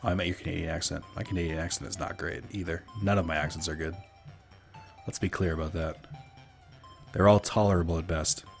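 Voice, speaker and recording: Low-voiced, swearing gamer guy. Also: fairly even intonation, a little fast, vocal fry, soft background music. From Minnesota. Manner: profane, laughing, chatting with viewers. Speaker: let's play streamer. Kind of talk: casual gameplay commentary.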